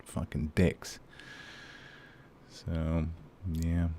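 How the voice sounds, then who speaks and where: Low gravelly man ranting on stream. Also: monotone, very slow, mellow, a little hiss or hum. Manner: swearing, ranting, frequent fillers. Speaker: game streamer. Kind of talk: casual live-stream chat.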